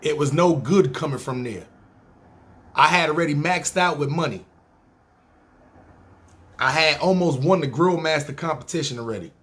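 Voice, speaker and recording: A man's voice: on the high side, normal speed, long pauses, fairly bright tone. A man with a New York accent telling a long personal story in a casual, profane, streetwise way, acting out other people's lines. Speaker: storyteller, podcast host.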